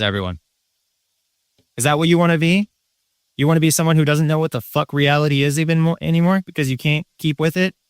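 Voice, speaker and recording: A man's voice: fairly high pitch, clean tone, no room sound, clean studio sound. A man host delivering a profane, combative and sarcastic rant to his viewers. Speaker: channel host. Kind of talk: ranting monologue.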